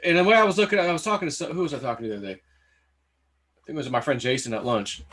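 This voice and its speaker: A man hosting a casual chat, talking in a relaxed, chatty way and laughing easily. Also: fairly high pitch, racing, slight background noise. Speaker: host.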